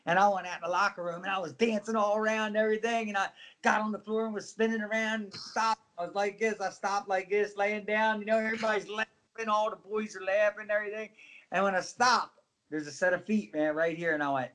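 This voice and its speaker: Animated male storyteller, slightly high voice. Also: fast talker. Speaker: professional wrestler. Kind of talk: casual storytelling interview.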